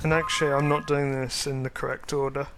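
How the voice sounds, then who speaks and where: This let's play host speaks in a mid-range, flat voice while casually commenting on the game he's playing. He sounds hesitant, filling his talk with ums and long, drawn-out pauses. Loud game music plays beneath his voice.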